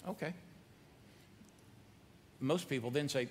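A man's voice: mid-range voice, a little slow, in a large hall, a little hiss or hum. A man preaching a sermon in a conversational, earnest way, repeating phrases for emphasis.

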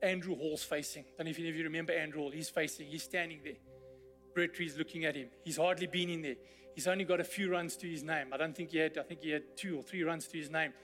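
A man pastor delivering a sermon in a church hall, an animated storyteller who builds to exclamations. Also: fairly high pitch, fast talker. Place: church hall during a service. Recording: long church reverb, faint music.

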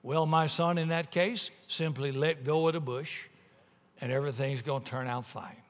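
A man voicing the calm, powerful voice of God answering from the sky. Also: a little high, in a large hall. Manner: calm and measured.

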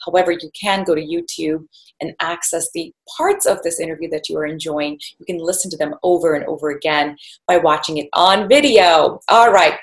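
A woman hosting a video podcast interview over a video call, encouraging and lively. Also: low-pitched, fairly quick. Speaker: interview host. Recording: roomy echoey sound.

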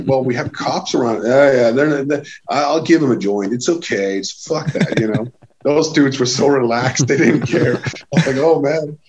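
A man from Sweden telling a tour story in casual chat, animated and swearing, acting out what people said. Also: medium pitch, muffled recording. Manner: animated, swearing, acts out quotes with raised voice. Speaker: touring musician telling a story.

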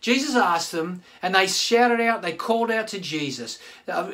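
A man's voice: high voice, unhurried. A man, a pastor giving a chatty online sermon and talking straight to his listeners. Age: 50s. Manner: chatty, animated, addresses listeners directly.

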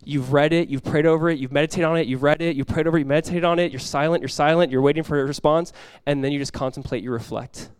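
A male pastor preaching in a conversational sermon style, dropping to a hushed voice when acting out prayers. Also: a little high, steady tone, fast talker, few pauses, smooth, no echo, studio quality.

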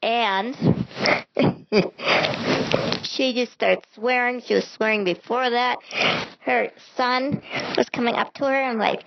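A woman's voice: a little high, fairly even intonation, slow, gravelly, pauses often, no room sound, lo-fi sound. A middle-aged woman hosting a casual travel vlog, chatting in a rambling way with many ums. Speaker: vlog host.

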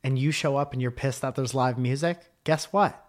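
A young adult man, a comic and podcast co-host, telling stories in casual chat with a teasing, profane, animated manner. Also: medium pitch, moderate pace.

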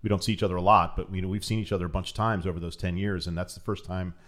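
A man's voice: sits low, steady tone, racing, fairly bright tone. A man hosting a podcast interview, asking questions in a conversational, encouraging way. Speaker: podcast host.

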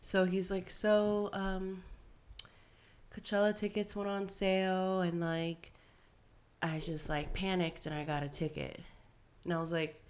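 Woman around thirty, low voice, casual swearing podcast chat, acts out the dialogue. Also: steady tone, normal speed. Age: 30s. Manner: profane, storytelling, often quoting herself. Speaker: podcast co-host.

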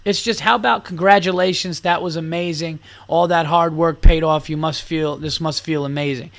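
A man's voice: fairly high pitch, moderate pace, gravelly. A man hosting a podcast, rambling and swearing through a comedic rant. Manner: rambling, profane, animated ranting. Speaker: podcast host. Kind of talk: comedic monologue.

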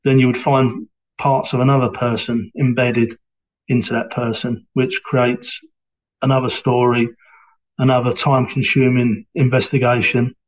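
A middle-aged man recalls his time as a police sergeant. He speaks haltingly, with many fillers and restarts. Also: medium pitch, rough recording. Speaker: interviewee, former police sergeant. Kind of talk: reflective personal account.

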